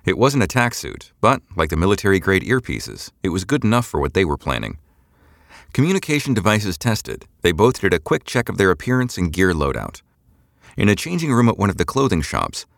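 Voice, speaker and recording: Male audiobook narrator, deep and animated, measured storytelling, close mic. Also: no echo.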